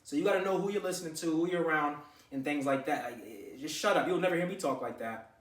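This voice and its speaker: A man's voice: a little high, quick pace. A man ranting to camera with blunt, profane gym advice, lecturing the listener. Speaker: vlogger giving gym advice. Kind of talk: unscripted talking-to-camera rant. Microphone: camera mic. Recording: echoey room, far from mic.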